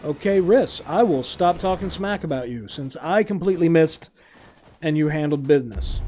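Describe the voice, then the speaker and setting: A man's voice: on the high side, animated, moderate pace, dark tone, a little hiss or hum. A man streaming a game live, chatting casually and laughing often at what happens on screen. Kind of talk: casual live gameplay commentary.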